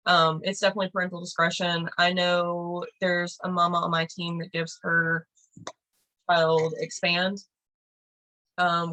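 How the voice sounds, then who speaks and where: A woman's voice: on the low side, sharp tone, low-quality recording. A woman leading a team training over a video call, chatty and rambling with lots of fillers.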